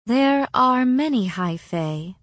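A woman's voice: mid-range voice, expressive, unhurried, no room sound, clean studio sound, voice pushed up. A woman reading an audiobook, voicing a careful, earnest young female fae noble in a raised voice. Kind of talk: audiobook character voice.

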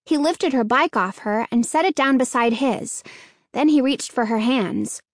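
A woman narrating a children's audiobook in a steady, clear storytelling manner. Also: sits high, a little slow, no room sound, clean studio sound.

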